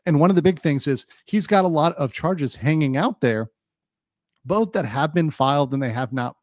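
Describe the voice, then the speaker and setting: A man's voice: on the high side, lively intonation, moderate pace, a little mellow, no echo, studio quality. A man doing casual live-stream legal commentary, chatty with lots of fillers, reading viewer chat aloud and a little hiccupy. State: has the hiccups.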